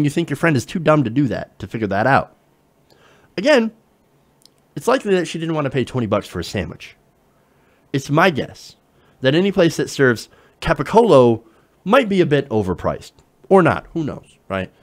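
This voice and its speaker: A man's voice: fairly high pitch, sing-song, normal speed, long pauses. A young man hosting a political commentary show, sarcastic and incredulous as he swears his way through a rant. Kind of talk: opinionated news commentary.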